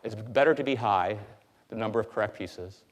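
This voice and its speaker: A male university lecturer giving a classroom lecture in a hall, talking in a lively, conversational way with frequent fillers. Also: fairly low pitch, normal speed.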